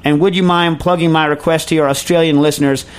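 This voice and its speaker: A man's voice: on the high side, fairly even intonation, fast talker. An American man hosting a casual advice podcast, rambling and joking as he restarts his sentences. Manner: rambling, self-interrupting, jokey. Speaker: podcast host.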